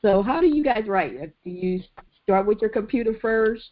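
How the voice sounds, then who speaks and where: A woman's voice: mid-range voice, expressive. Chatty woman podcast host, lo-fi sound. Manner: chatty, laughs often, halting restarts. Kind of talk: casual chat. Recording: dull lo-fi sound.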